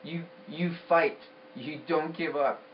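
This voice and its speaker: A man's voice: a little high, steady tone, slow pace, roomy sound, muffled recording, a little hiss or hum. A man voicing a firm, loving old grandfather who speaks with tender insistence.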